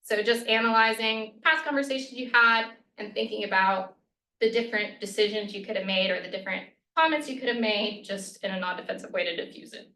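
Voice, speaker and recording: Bright-voiced woman presenting in an echoey room. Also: medium pitch, brisk. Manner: conversational, frequent "right?" and "um", acts out sample phrases. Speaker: workshop presenter. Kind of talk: lunch-and-learn presentation. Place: college meeting room. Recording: echoey room, voice a bit far from the mic.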